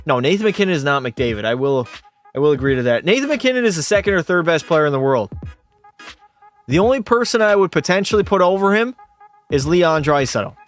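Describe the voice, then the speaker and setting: A young man with a fairly high voice streams from home, tipsy from beer and swearing freely. He argues hockey with his chat in a casual, combative way. Faint music plays behind him. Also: expressive, a little fast. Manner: profane, argumentative, talks back to chat. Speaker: game streamer.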